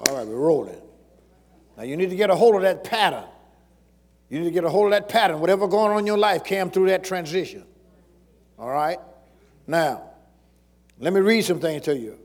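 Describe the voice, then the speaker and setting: A man's voice: high-pitched, expressive, moderate pace, pauses often, in a large hall. A man preaching a sermon as pastor, repeating phrases and calling out questions to the congregation.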